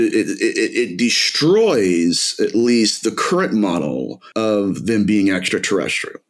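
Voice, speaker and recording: Man, middle-aged, podcast guest, intense storyteller, lowish voice, very animated pitch. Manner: intense, dramatic storyteller, addresses listener as "my friend". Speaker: podcast guest, demonologist author. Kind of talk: storytelling in an interview.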